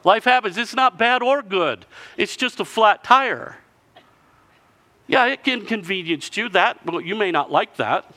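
Bright-voiced man preaching a sermon. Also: high voice, unhurried. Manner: lively storytelling, acting out villagers in character. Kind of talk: sermon with a story.

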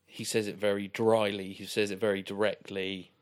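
Deep-voiced man, relaxed film chat. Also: moderate pace. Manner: relaxed, filler-heavy, agreeable. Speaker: podcast co-host. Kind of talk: casual film discussion.

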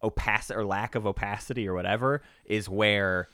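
A man's voice: lowish voice, fairly even intonation, fairly quick, a bit bright, clean tone, no room sound, clean studio sound. A man co-hosting a podcast, earnestly explaining board game strategy in a casual chat, often repeating words as he goes. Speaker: podcast co-host.

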